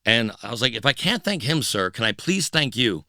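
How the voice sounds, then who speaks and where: Gravelly-voiced man telling his story. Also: mid-range voice, brisk, dry recording, clean studio sound. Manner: animated storyteller who acts out quoted voices. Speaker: podcast guest, musician. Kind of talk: candid storytelling interview. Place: podcast studio. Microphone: studio microphone.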